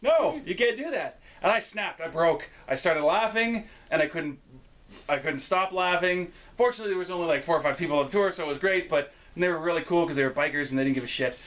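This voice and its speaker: A man's voice: a little high, fast, a bit bright. A young man, a wrestler and guest, telling stories in casual chat, laughing often and swearing freely. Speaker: guest, local wrestler and former tour actor.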